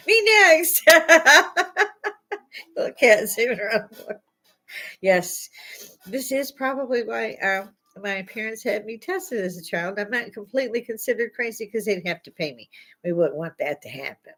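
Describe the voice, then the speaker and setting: Chatty older woman, low-pitched. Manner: rambling, chatty, laughs often; blunt, swears casually. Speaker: livestream host. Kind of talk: casual live chat. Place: home, indoors.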